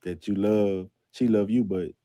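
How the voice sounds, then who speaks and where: A man speaking earnestly and haltingly on a podcast, opening up about his relationship. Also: on the low side, steady tone, warm tone, dry recording, clean studio sound. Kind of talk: casual podcast talk.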